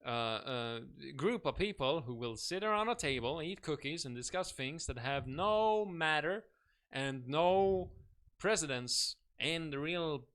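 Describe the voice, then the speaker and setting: A man's voice: on the high side, animated, measured pace, fairly bright tone, clean tone. A man co-hosting a radio show, delivering dry, wry remarks in comedic banter. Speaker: radio co-host.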